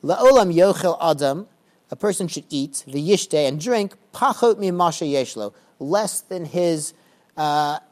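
Man teaching a relaxed Talmud class. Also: on the high side. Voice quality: reads Aramaic phrases slowly, then explains them in casual English. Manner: relaxed, chatty, with dry joking asides. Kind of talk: Talmud class, reading and translating.

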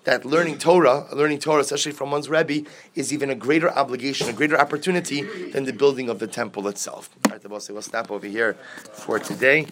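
A man's voice: medium pitch, fast talker, a bit bright, slight background noise. Man, Talmud class, reads then explains, asks questions, repeats phrases. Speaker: Talmud teacher.

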